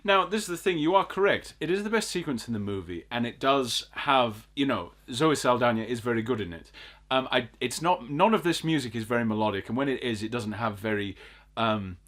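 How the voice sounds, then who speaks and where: A man's voice: mid-range voice, lively intonation, brisk, fairly bright tone. A man hosting a film review podcast, ranting with exasperated, emphatic repetition in casual chat.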